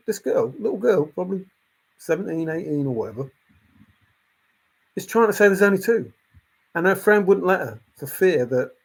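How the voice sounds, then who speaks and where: This channel host's rant is loose and opinionated, voiced in a slightly husky tone a touch higher than typical for a man. Exasperation drives him, and he animatedly repeats the same points over and over.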